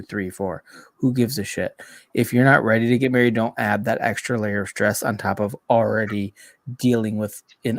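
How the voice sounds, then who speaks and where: A man's voice: fairly low pitch, no room sound. Male podcast co-host, outspoken and profane, dry close recording. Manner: blunt, profane, rambling. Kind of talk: casual chat.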